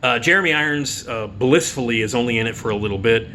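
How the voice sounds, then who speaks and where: A middle-aged man talks through a film review in a casual, unscripted way. He is blunt and profane and often restarts with "uh" and "you know." His voice is bright and forward at a middling pitch. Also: expressive, fast, a little hiss or hum. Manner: blunt and profane, many fillers. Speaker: film critic.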